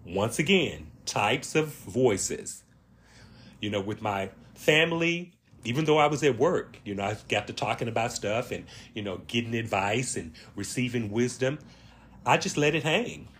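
A man with a Southern accent hosting a reflective solo monologue, speaking slowly and deliberately with drawn-out emphasis. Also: mid-range voice, lively intonation, a bit bright, breathy edge. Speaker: podcast host. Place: Washington, D.C.

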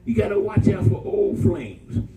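A man's voice: measured pace, a crowd in the background. A man preaching a sermon to a church congregation, calling for responses and mixing humor with warnings. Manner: call-and-response preaching, jumps to high excited pitch. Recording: roomy church from far off.

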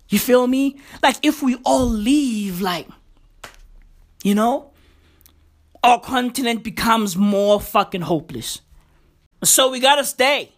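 A woman's voice: fairly high pitch, fairly bright tone. Swaggering woman, swearing freely. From South Africa. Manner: boastful, profane, keeps repeating "bruv" and "I got you". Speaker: vlogger. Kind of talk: casual monologue to camera.

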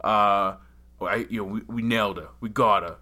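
A man's voice: on the low side, steady tone, moderate pace, pushed and bright. A man doing an impression of an overly intense male TV private eye with a Boston accent, dramatic and overblown.

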